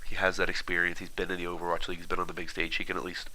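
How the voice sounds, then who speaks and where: A man with a low, deep voice and a crisp, bright edge talks through a roster breakdown in a casual, unscripted way. He speeds up and rambles, filling gaps with "uh" and "um" and restarting his sentences. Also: completely flat delivery, rough recording. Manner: fast, rambling, many fillers and restarts. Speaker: esports commentator. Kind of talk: casual analysis while watching footage.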